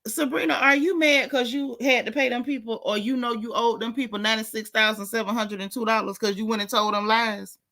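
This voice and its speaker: Sassy woman host dishing celebrity gossip straight to camera, sharp bright voice. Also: on the high side, fairly even intonation, brisk, few pauses. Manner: sassy, teasing, talks straight to viewers; slangy casual speech. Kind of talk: casual celebrity gossip commentary.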